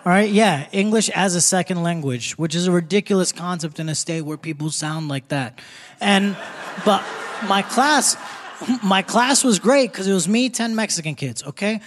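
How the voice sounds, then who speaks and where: A man's voice: high voice, normal speed, in a large hall. A young man doing a stand-up set, punchy and conversational, laughing through his jokes. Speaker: stand-up comedian. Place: theater stage before a live audience. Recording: live theater crowd noise.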